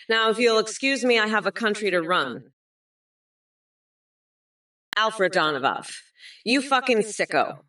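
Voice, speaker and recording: Bright synthetic woman's taunting rant. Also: mid-range voice, distant mic. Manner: taunting, swearing. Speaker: AI politician persona roasting chat. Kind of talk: profane scripted insult rant.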